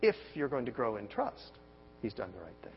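A man in his forties preaching a sermon, emphatic, with big swings in pitch and loudness and many rhetorical questions. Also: huge pitch swings, brisk. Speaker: pastor. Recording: dull sermon audio with long hall reverb and faint hum.

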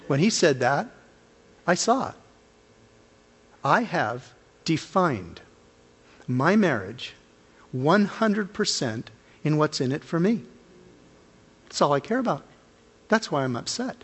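A male associate pastor preaching a personal testimony, earnest and emotional, with big swings in pitch and force. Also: very animated, slow pace, pauses often, slightly rough, in a large hall. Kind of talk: sermon testimony.

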